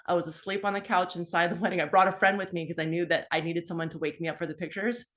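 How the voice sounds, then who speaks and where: Here a guest in her fifties shares a personal health story, talking quickly in a fairly low voice. She keeps it casual and chatty, with plenty of fillers and side comments, and she animatedly performs her own past dialogue.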